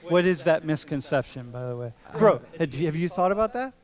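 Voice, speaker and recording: Male prof joking around w/ his students, slangy, kinda high voice, big lecture hall. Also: animated, a little fast. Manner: playful, slangy, calls students dude and bro. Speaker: university professor. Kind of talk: casual classroom lecture.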